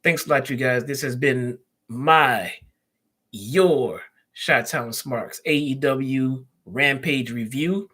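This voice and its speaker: Male live-stream host, Chicago accent, casual chatter, average pitch. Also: takes it slowly, a bit bright. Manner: chatty, reads out viewer comments and answers them.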